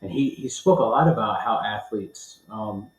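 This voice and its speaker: A man hosting a podcast interview, affirming his guest and asking open, searching questions in an animated, casual way. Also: lowish voice, moderate pace, echoey room, rough recording. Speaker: podcast host.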